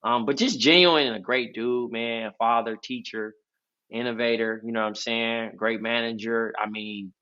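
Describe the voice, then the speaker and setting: Podcast co-host, male, nasal and bright-toned, casual storyteller, dull recording. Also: mid-range voice, steady tone, normal speed. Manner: loose, rambling storytelling with many fillers.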